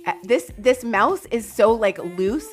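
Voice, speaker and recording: An excitable, loud woman, hosting a live chart analysis stream and talking to viewers by name. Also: a little high, slow pace, soft background music. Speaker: crypto market streamer.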